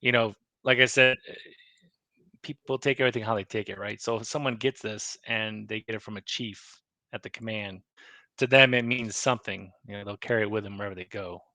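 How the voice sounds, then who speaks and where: A man with a bright, forceful voice talks loosely about his coins, full of stops and restarts. The sound is close and dry with no room behind it. His pitch sits in an ordinary middle range. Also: fairly even intonation, no echo. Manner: rambling, halting, many fillers and restarts. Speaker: navy chief and guest. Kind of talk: casual show-and-tell chat.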